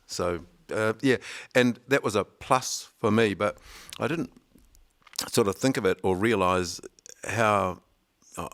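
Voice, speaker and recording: An older man in his sixties with a deep, low voice. He tells anecdotes in a relaxed conversational way, with self-deprecating humour. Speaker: veteran broadcaster. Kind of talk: conversational storytelling.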